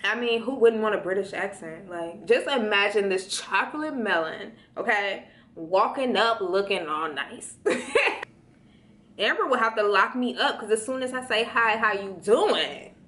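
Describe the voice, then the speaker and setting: A woman's voice: medium pitch, animated, measured pace, a bit bright. Chatty young woman in an echoey room. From Chicago. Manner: chatty, slangy, addresses viewers as y'all. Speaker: vlogger answering viewer questions. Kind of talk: casual chat.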